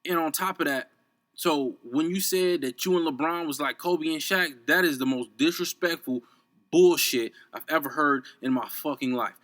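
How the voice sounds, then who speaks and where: Young male podcast host from Chicago, slightly high voice, heated and cursing, unscripted rant. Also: moderate pace, fairly bright tone. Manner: profane, heated, repeats himself.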